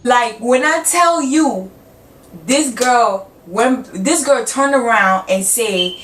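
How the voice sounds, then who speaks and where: A woman's voice: a little high, slow. A young woman in a casual storytime vlog, cursing freely and acting out both sides of each conversation. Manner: animated, acts out both sides of dialogue, frequent cursing. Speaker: vlogger. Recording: roomy sound from a distant mic with faint background hum.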